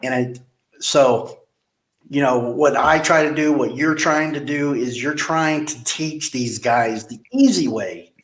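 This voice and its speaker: Man, car dealership manager, animated storyteller, average pitch, echoey room. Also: takes it slowly. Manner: animated, acts out quoted people. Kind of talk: casual interview storytelling.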